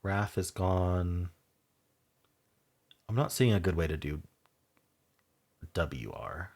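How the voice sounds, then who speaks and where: A man hosting a word-puzzle video, thinking aloud as he solves it, spelling out letters and trailing off softly, with keyboard typing behind him. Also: sits low, expressive, slow pace, vocal fry. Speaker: Wordle video host.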